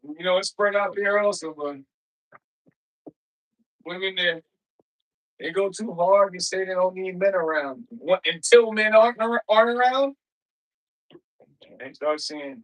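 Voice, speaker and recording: A man with a high voice chats on his livestream, loose and slangy, drifting from thought to thought. His tone is bright and forward. He keeps breaking off to greet viewers in the chat by name. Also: unhurried, long pauses, rough recording. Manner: rambling, talks straight to viewers in chat; loose, slangy everyday speech. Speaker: livestream host.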